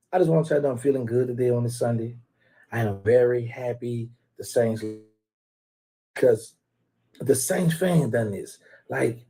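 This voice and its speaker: Gravelly with a breathy edge, this man's medium-pitched voice carries a casual live stream. He rambles and teases rival fans with trash talk, shouting out viewers by name.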